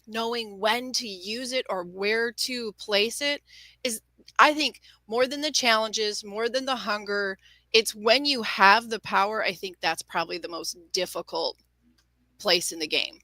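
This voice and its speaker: Bright-voiced woman in casual chat. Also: mid-range voice, a little slow, no echo, rough recording. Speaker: podcast co-host.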